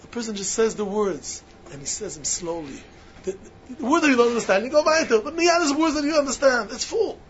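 A man with giving a sermon-style talk to yeshiva students, emphatic and repetitive, swinging between loud stresses and hushed asides, on a muffled lo-fi recording. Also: very high-pitched, lively intonation, a little fast. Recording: muffled lo-fi recording with faint hiss.

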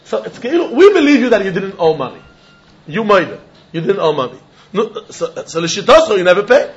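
A man delivers a Talmud lesson in a high voice, switching between English and Yiddish and Hebrew terms. He acts out both sides of a case in quoted voices. The recording sounds dull and lo-fi. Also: big pitch swings, fast talker. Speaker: Talmud teacher. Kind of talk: Talmudic lecture.

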